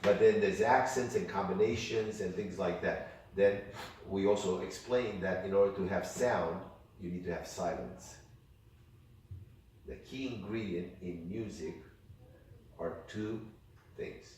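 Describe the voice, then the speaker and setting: Man, low voice, music teacher, coaxing, demonstrating rhythms, echoey room, distant mic. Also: measured pace, a little mellow, a little hiss or hum. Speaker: ear training teacher. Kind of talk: classroom music lesson. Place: workshop room. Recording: echoey room, picked up from afar.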